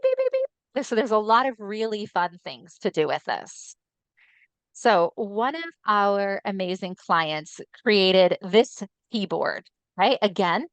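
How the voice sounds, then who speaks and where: A woman's voice: medium pitch, fairly bright tone, no echo. A woman trainer giving an upbeat, chatty webinar presentation over a computer mic on a video call. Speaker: assistive technology trainer.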